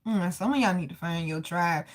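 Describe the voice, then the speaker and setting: A woman giving a casual live tarot reading, chatty and animated, calling listeners baby and greeting viewers. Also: fairly low pitch, normal speed. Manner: loose and animated, laughs and greets chat viewers. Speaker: tarot reader.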